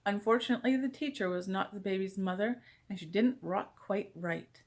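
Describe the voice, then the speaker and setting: A woman reading a children's picture book aloud, gentle and expressive in bedtime style. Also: mid-range voice, moderate pace. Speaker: storyteller.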